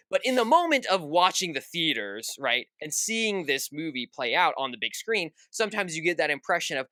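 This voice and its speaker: A man's voice: a little high, expressive, moderate pace, hardly any pauses, bright, forceful tone, clean tone, no echo. A young man co-hosting a podcast, chatting casually about a film and acting out quoted reactions. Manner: acts out quoted reactions, lots of "at the end of the day". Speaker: podcast co-host. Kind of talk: casual film review chat.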